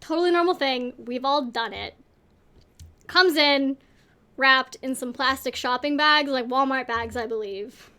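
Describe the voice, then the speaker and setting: A woman's voice: sits high, unhurried, sharp tone. A woman co-hosting a casual storytelling panel, rambling and self-deprecating as she tells stories. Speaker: panel co-host.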